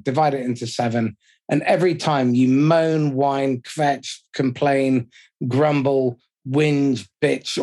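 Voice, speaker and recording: A man hosting a podcast conversation who explains things in a measured, reflective way, step by step. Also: mid-range voice, a little mellow.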